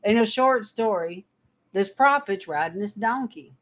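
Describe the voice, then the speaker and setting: A woman's voice: mid-range voice, lively intonation, unhurried, fairly bright tone. A woman teaching a livestream Bible study, reading scripture and retelling stories in a chatty way with frequent laughter. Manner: chatty, laughs often while telling stories.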